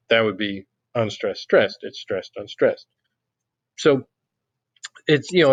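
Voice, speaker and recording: A man's voice: lowish voice, a little mellow, dry recording, dull audio. A male literature lecturer giving a recorded online lecture, speaking conversationally with frequent "you know" fillers.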